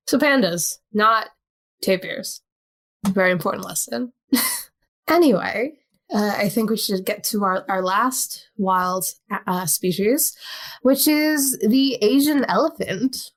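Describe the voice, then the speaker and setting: A woman's voice: mid-range voice, slow, pauses often. A woman from the United States co-hosting an archaeology podcast, explaining in a casual, chatty way with frequent laughs and fillers. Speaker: podcast co-host. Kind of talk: casual educational chat.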